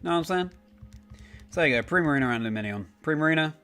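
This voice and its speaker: A man's voice: fairly high pitch, lively intonation, fast talker, sharp tone, soft background music. Chatty man streaming games. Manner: chatty, answers chat by name, rambling self-corrections. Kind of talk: casual live-stream chat.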